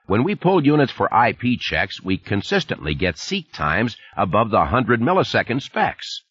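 A man voicing a groggy, gravelly middle-aged male factory manager who keeps coughing, in an audiobook reading. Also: fairly low pitch, wildly swooping pitch, normal speed, a bit bright, dry recording, muffled recording, pitched above the performer's own voice, heavily acted. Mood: worried.

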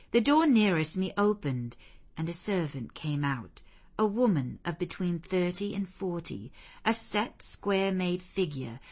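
Female audiobook narrator, slightly low voice, measured and expressive in a classic novel.

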